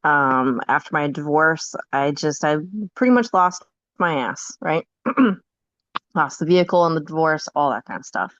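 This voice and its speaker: A woman's voice: deep voice, animated, normal speed, fairly bright tone, dry recording, lo-fi sound. A woman podcast guest in casual chat, telling a personal story candidly and often laughing.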